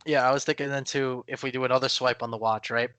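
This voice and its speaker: Bright, dry-voiced man chatting casually. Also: medium pitch, fairly even intonation, fast, smooth, dry recording. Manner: rambling, many fillers and restarts. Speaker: podcast co-host. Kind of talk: casual chat.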